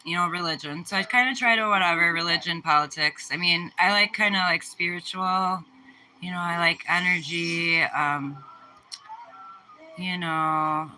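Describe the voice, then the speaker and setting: A young woman from the Midwest chats loosely on her livestream, answering questions in an easy, rambling way full of fillers. Her voice sits a little low and her delivery is slow and relaxed. A light background hiss runs under her home mic. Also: poor audio. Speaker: livestream host. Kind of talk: casual livestream chat answering viewer questions.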